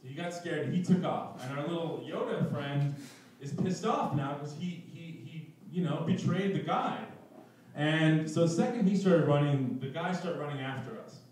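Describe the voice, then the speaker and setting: Young male storyteller, slightly high voice, self-mocking, giggly; very echoey room, mic far away. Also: moderate pace, darkish tone, a little hiss or hum. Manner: self-mocking, laughing through his lines. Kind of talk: live personal storytelling. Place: live event room.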